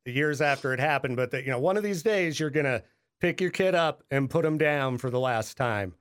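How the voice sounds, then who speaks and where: A man's voice: mid-range voice, expressive, fairly quick, a bit bright, smooth. Easygoing man hosting a podcast. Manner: friendly, easygoing, says man and dude. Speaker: podcast host. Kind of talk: casual chat.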